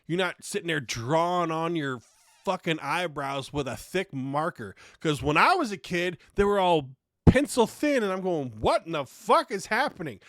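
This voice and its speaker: A man hosts his own podcast and works through a profane, exasperated comedic rant. His voice sits high and bright, and it leaps up and down as he rails. The sound is close and dry, with no room echo. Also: normal speed. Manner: heavy swearing, exasperated and animated. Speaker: podcast host.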